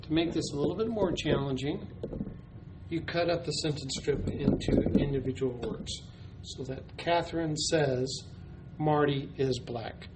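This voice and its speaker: A man with a fairly high voice walks through a classroom teaching technique, pausing often with ums and uhs as he explains. The recording carries a clear layer of background noise. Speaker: teacher educator. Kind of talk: instructional demonstration. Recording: noisy recording.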